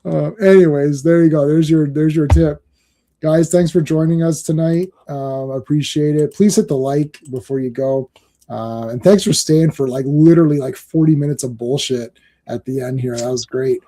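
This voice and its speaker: Man, stream host, casual rambling chat, laughs a lot, swears, higher-pitched, mellow dark tone. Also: fairly even intonation, moderate pace.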